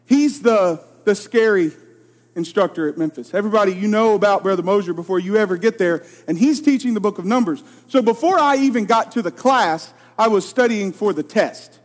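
Young preacher in a reverberant hall. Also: male voice, high voice, fairly quick. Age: 20s. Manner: storytelling, emphatic, self-deprecating. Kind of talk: sermon with personal story.

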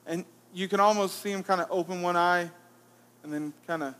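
Guy with a high voice reading scripture then chatting it over, church hall echo. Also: normal speed. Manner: reads scripture plainly, then comments in a relaxed, conversational way. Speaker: preacher.

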